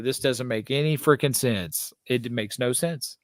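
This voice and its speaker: A man co-hosting a casual sneaker podcast, talking in an animated, exasperated rant. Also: mid-range voice, unhurried, few pauses, no echo. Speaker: podcast co-host.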